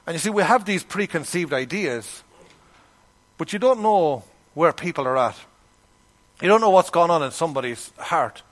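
A middle-aged man with an Irish accent preaches in a relaxed, conversational way, sliding into anecdotes and giving the people in them their own voices. His voice sits a touch higher than most men's. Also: normal speed. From Ireland. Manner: conversational storytelling, acts out quoted voices. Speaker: pastor. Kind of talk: sermon with storytelling.

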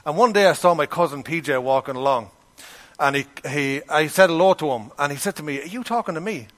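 In his sermon, a middle-aged Irish pastor with a fairly high, somewhat bright voice talks a little fast. He relates stories in a conversational style, voicing the people he quotes.

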